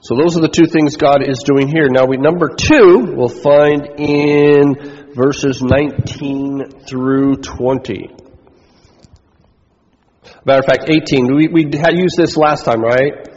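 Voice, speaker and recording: A man's voice: mid-range voice, steady tone, slow pace, a little mellow. A man preaching a sermon as pastor, chatting with the congregation and throwing questions back at them. His voice sits in a middle register. The recording is muffled and carries a long hall echo.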